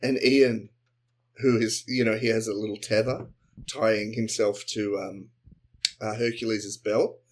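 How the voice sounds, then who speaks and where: A man co-hosting a comedy podcast, improvising a sci-fi story and jumping into quick character voices. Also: lowish voice. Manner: animated, acts out characters in quick bursts. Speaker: podcast co-host.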